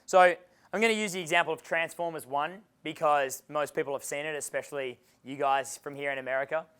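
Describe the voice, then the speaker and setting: A man's voice: a little high, fairly even intonation, a little fast, fairly bright tone, clear, resonant tone. A male dating coach giving a live seminar lecture to an audience. He speaks casually and bluntly, swears often, and chuckles between points.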